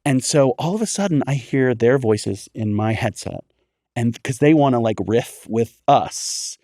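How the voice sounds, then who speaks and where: A man, a guest on a comedy podcast, telling a long story with lively energy. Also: medium pitch, a little slow, no echo, studio quality. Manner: animated storyteller, acts out quoted voices.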